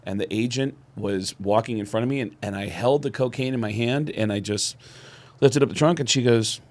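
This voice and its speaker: A man's voice: medium pitch, a little fast. A middle-aged man co-hosting a podcast, telling stories casually and acting out the voices of the people in them. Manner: animated storyteller acting out quoted voices. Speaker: podcast co-host. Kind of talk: casual storytelling chat.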